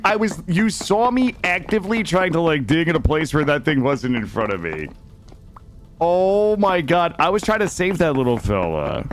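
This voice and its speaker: A man streaming a survival game live, chatting with viewers in an excitable, jokey way and arguing his case to chat. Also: mid-range voice, slight background noise. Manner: excitable, jokey, defensive with chat, yelps and laughs. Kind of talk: live gameplay commentary.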